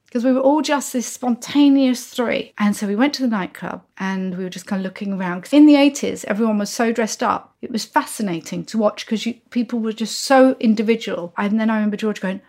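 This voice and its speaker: Woman in her sixties with vocal fry. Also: fairly high pitch, a little fast. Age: 60s. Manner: lively, acts out quoted voices in her stories. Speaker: podcast guest. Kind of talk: anecdotal storytelling.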